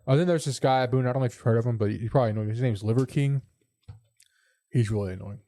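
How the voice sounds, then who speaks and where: Young man ranting in a mellow voice. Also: mid-range voice, fast talker, no echo, clean studio sound. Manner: ranting, blunt opinions. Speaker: podcast co-host. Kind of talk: casual chat.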